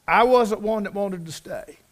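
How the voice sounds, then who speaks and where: A middle-aged man preaching with a fairly high voice. He talks in a folksy, heartfelt way, repeating words for emphasis and swinging between quiet and fervent loud passages. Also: a little slow. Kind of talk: sermon.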